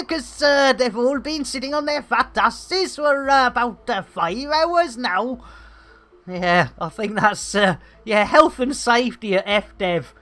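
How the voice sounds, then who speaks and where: A man's voice: very high voice, measured pace, sharp tone. A man hosting a live gameplay stream, rambling through jokey banter and cheeky asides. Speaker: livestream host.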